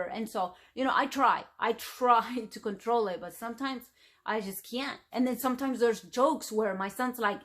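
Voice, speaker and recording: A woman's voice: fairly high pitch, normal speed, a bit bright. Chatty woman rambling to camera. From United States. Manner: chatty, rambling, frequent fillers. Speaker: vlogger. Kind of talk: casual talk to camera.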